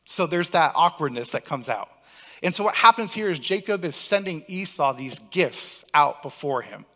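A young man from Cape Cod preaching a sermon as pastor, telling lively stories and acting out the lines he quotes. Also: fairly high pitch, normal speed. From Cape Cod, Massachusetts. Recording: long hall reverb.

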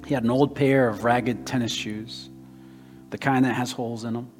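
A man's voice: mid-range voice, steady tone, normal speed. A man preaching a sermon in a church, emphatic and rhythmic, building lists toward a point, then leading a prayer. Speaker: pastor. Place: church sanctuary. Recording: reverberant hall with guitar music. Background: soft guitar playing.

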